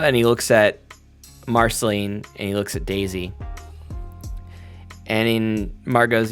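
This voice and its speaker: Guy game-mastering, slow, lots of likes and ums, quiet music behind. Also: medium pitch, steady tone, clean tone. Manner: loose, filler-heavy description. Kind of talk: narrating a tabletop game.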